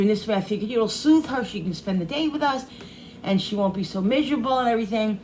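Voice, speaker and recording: A woman's voice: mid-range voice, animated, fast, darkish tone, a little hiss or hum, low-quality recording. A middle-aged woman vlogging, telling a personal story through tears, rambling and restarting often. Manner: tearful, rambling, many restarts. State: crying.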